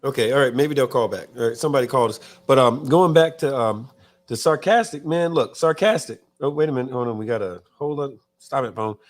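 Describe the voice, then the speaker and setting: A man's voice: medium pitch, fairly quick. A man co-hosting a live online biker talk show, chatting loosely, reading viewer comments aloud and cursing casually. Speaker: podcast co-host. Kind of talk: casual live-stream chat.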